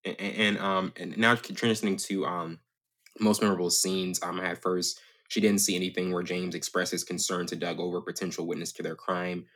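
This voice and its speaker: Deep-voiced man hosting a podcast. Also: flat delivery, a bit bright. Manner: halting, stumbles over repeated words. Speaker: podcast host. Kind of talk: casual movie review chat.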